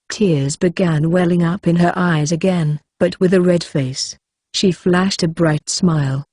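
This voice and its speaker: A woman reading a fantasy novel aloud in a steady, even storytelling manner. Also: lowish voice, a little slow, no room sound, clean studio sound. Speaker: audiobook narrator. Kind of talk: scripted narration.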